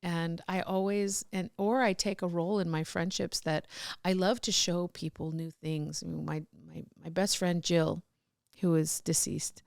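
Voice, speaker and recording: A woman's voice: fairly low pitch, fairly even intonation, normal speed, gravelly, hardly any pauses, dry recording, clean studio sound. A middle-aged woman telling candid personal stories as a podcast guest, rambling with restarts and laughs.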